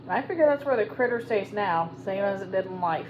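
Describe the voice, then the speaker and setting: A woman's voice: medium pitch, lively intonation, brisk, dull audio, slight background noise, close to an everyday voice. A woman voicing a gloomy, superstitious older female ranch cook who talks in a folksy, plainspoken way.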